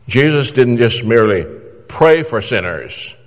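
A man's voice: medium pitch, lively intonation, slow, big-room sound, dull audio. A man preaching a sermon in an earnest, exhorting way, pleading with his listeners through questions.

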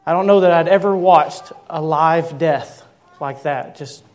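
Man, 30s, pastor, sermon, earnest storytelling, slows for emphasis, fairly high voice.

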